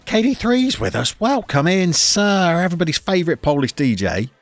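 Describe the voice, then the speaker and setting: A man from the English Midlands with a soft Birmingham accent, chatting casually and wryly to his chat while playing a football management game. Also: on the high side, very animated, normal speed, faint music behind. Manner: wry, self-mocking chatter to chat. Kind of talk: casual live-stream commentary.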